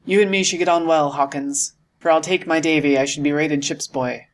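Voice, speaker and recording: A man's voice: a little high, steady tone, fairly quick, natural voice. A man reading aloud and voicing a jovial one-legged old sea cook who talks in salty sailor slang, in an audiobook. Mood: hearty.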